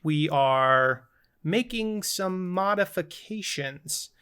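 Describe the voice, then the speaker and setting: A man's voice: high-pitched, lively intonation, slow, bright, forceful tone, smooth. A man co-hosting a casual podcast, playfully reading out quiz options and running the game segments.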